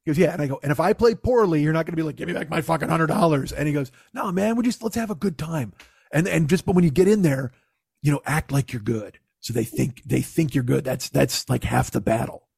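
Gravelly man telling a profane story. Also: a little high, quick pace, darkish tone, no room sound, clean studio sound. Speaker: podcast host telling a story. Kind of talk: casual storytelling.

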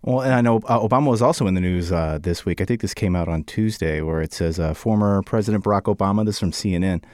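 A man's voice: low voice, fast talker, darkish tone, no room sound, studio quality. A man co-hosting a casual chat, steadily reading news items and prompting his co-host. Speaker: podcast co-host.

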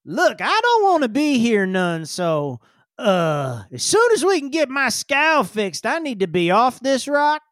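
A man voicing a grumpy male ship pilot who talks bluntly and gruffly. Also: extremely high pitch, very animated, a little slow, a bit bright, dry recording, studio quality, voice pushed up, full character voice. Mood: grumbling.

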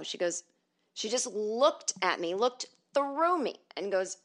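A woman's voice: on the high side, lively intonation, moderate pace, fairly bright tone. Middle-aged woman, podcast host, sarcastic, profane, comedic storytelling monologue, recorded at home. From northern United States.

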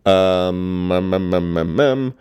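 A man reading a novel aloud, mixing expressive reading with chatty, casual asides. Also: low-pitched, takes it slowly, clear, resonant tone. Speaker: book reader.

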